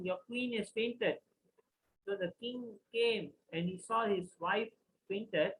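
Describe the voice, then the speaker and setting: A man's voice: high-pitched, pushed and bright, slight background noise, poor audio. A man teaching a lesson, telling a story plainly with many repeats and restarts.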